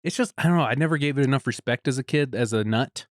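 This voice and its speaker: A man's voice: medium pitch, fast talker, no echo, studio quality. A man hosting a podcast in casual chat, laid-back, laughing often and swearing freely. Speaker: podcast host.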